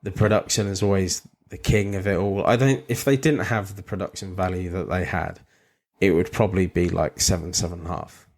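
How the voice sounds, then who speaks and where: A man's voice: low voice, steady tone, brisk. A man co-hosting a casual podcast chat, talking loosely with frequent laughs and restarts. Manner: chatty, laughs often, trails off into restarts. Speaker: podcast co-host.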